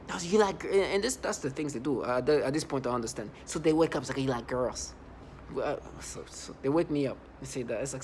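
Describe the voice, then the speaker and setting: Guy in his 30s telling his story, stumbling over words, bit of noise behind. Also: fairly high pitch. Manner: halting, repeats and restarts words. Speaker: vlogger. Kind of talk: personal testimonial.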